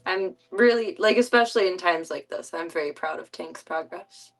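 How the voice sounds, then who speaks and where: A woman streamer in casual chat, talking softly and coaxingly to her pet. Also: on the low side, moderate pace. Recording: distant mic.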